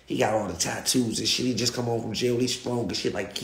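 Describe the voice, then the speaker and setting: A young man tells a street story as a guest, animated and slangy, circling back to repeat his points. His voice sits at a middling pitch. The sound carries a roomy echo. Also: brisk, hardly any pauses.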